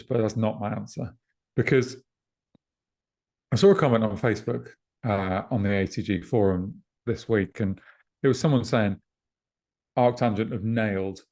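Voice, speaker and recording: A man co-hosting a podcast over a video call, talking in a relaxed, reflective way and reading out listener questions. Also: lowish voice. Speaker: podcast co-host and festival promoter.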